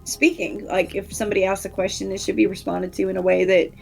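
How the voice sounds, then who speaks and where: A woman streamer chatting as a guest, expressive and quick to laugh. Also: mid-range voice, vocal fry, soft background music. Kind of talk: casual interview chat.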